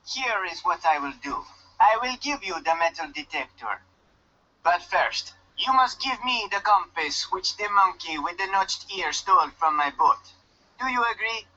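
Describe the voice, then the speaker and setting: A man's voice: high-pitched, expressive, normal speed, pushed and bright, full character voice. An actor with a put-on Jamaican accent playing a guarded loner fisherman stranded on an island, stiff and curt with no contractions, in dull lo-fi game audio. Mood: gruff.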